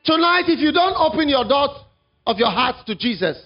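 High-voiced dramatic male preacher. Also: big pitch swings, moderate pace, muffled recording, faint music behind. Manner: dramatic, swings from hushed to shouting. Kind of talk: evangelistic sermon storytelling.

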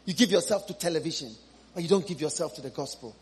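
A man preaching an impassioned sermon, moving from loud, high cries to low, hushed appeals, repeating phrases and pleading with the congregation. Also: quick pace, husky.

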